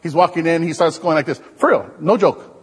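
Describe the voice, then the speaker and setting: A male preacher giving an animated, joking sermon to his congregation. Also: fairly high pitch, brisk, husky, big-room sound. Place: church hall.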